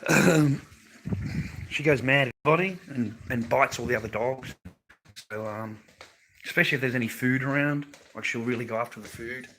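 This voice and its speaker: Casting: Australian man, middle-aged, livestream host, bright, sweary and chatty, phone mic. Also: medium pitch, fairly quick, slight background noise. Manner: rambling, profane, laughing often. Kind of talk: casual livestream chat. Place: garage workshop. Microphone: phone on a holder.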